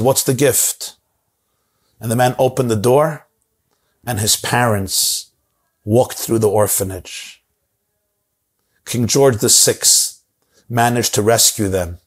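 A man telling a story in a sermon, slowing down and repeating phrases for emphasis. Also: fairly low pitch, breathy edge. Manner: slows down to stress key words, repeats phrases for emphasis.

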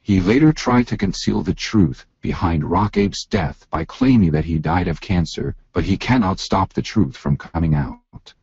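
Deep gravelly man playing a news anchor. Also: expressive, a little mellow, no echo, dull audio, full character voice. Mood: solemn. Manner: measured newsreader delivery. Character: solemn male TV news anchor. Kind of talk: mock news report.

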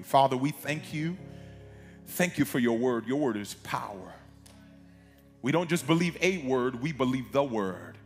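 Pastor preaching in a reverberant hall. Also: male voice, mid-range voice, expressive. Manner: reads scripture aloud with emphatic pauses and asides. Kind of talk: sermon. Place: church sanctuary. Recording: long reverb of a large hall, music behind.

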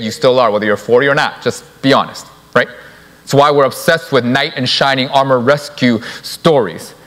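Young guy preaching in church, hammers words over and over, slightly high voice, echoey live stream. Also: a bit bright. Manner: emphatic, repeats key words for stress. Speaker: pastor. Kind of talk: sermon. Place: church sanctuary.

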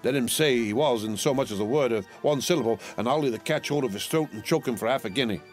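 A man voicing a threatening, blunt middle-aged London porter who speaks in rough, uneducated speech. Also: medium pitch, quick pace, soft background music, voice pushed up, close to an everyday voice. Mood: gruff.

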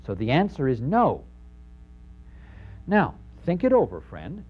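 A man lectures on the New Testament parables in an unhurried, medium-pitched voice over lo-fi sound. He asks his audience rhetorical questions with emphasis and animatedly performs the quoted speech.

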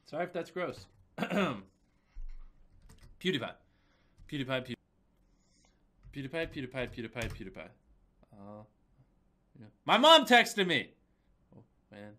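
A young man with a cold chatting casually as a video creator, repeating a chant and breaking off into sudden shouts and mumbled asides. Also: medium pitch, lively intonation, unhurried, pauses often. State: has a cold. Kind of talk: casual chat.

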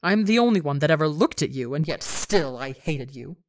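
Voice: mid-range voice, expressive, moderate pace, no room sound, close to an everyday voice. A reader voicing a cruel, possessive woman who belittles and haunts a young man, cold and hissing, in a dry close recording.

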